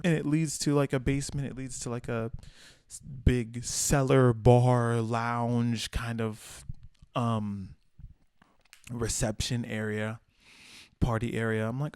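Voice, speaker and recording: A young man from the American South hosting a casual solo podcast, telling stories with swearing and playful high-pitched asides. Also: normal speed, vocal fry, dry recording, studio quality. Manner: animated storyteller, swears freely, acts out quotes in high voices. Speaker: podcast host.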